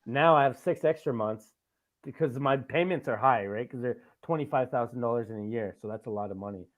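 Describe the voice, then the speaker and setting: A Canadian man hosts a casual podcast chat, telling a long, loose, rambling story, swearing often and tacking "right?" onto his lines. His voice is mid-range and a little fast, and the recording sounds tinny, like a phone.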